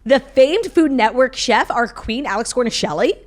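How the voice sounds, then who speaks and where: A woman co-hosting a podcast in casual chat, animated and giggly, talking in quick bursts. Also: high voice, a little hiss or hum. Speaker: podcast co-host.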